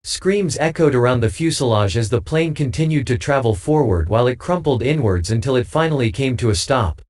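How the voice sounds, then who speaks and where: A man's voice: mid-range voice, brisk. A man narrating a comic audiobook story, reading every character's lines himself. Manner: reads with lively dialogue voices.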